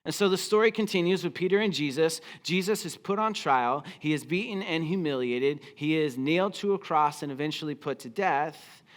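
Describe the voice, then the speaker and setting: A man's voice: a little high, moderate pace, hardly any pauses. A man preaching a sermon as pastor, telling the story expressively and acting out the quoted lines. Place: church auditorium.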